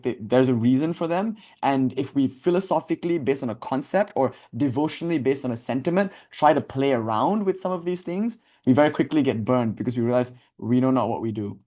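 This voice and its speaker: A man's voice: mid-range voice, darkish tone. A man giving a reflective spiritual talk in a conversational, self-questioning way, thinking aloud as he goes. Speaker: spiritual teacher.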